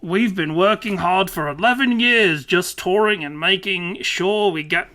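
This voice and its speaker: A man's voice: sits high, a little slow, pushed and bright. A man reading an interview aloud as a male music interviewer, in a bad put-on Australian accent. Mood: goofy.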